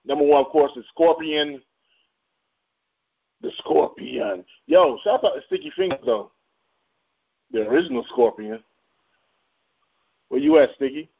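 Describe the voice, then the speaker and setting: A man's voice: a little high, normal speed, long pauses. A man hosting a casual radio-style chart rundown, joking and slangy with frequent laughs. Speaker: radio show host. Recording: dull lo-fi sound.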